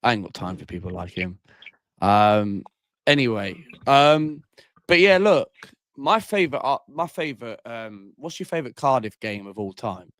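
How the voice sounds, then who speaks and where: A man's voice: medium pitch, big pitch swings, moderate pace, fairly bright tone, no room sound, studio quality. A man hosting a casual call-in livestream, talking bluntly and tagging lines with bro and mate. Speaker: livestream host.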